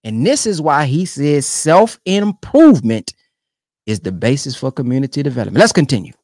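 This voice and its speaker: A man giving casual commentary on speech clips, animated and colloquial, repeating phrases for emphasis. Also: medium pitch, moderate pace.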